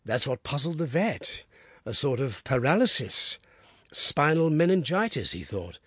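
A man voicing an anxious, earnest country gentleman who talks in a pleading, heartfelt way. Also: a little high, very animated, unhurried, slightly rough, dry recording, studio quality, exaggerated voice.

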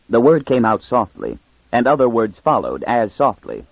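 A man narrating an audiobook in a measured storytelling manner. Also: medium pitch, huge pitch swings, creaky, dry recording, highs cut off. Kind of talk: scripted narration.

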